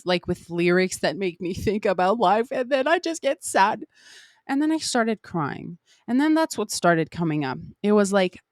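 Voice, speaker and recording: A woman's voice: mid-range voice, no room sound, studio quality. A young woman hosting a podcast, talking candidly in a casual spiritual monologue, swearing freely and acting out her own inner voices. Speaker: podcast host.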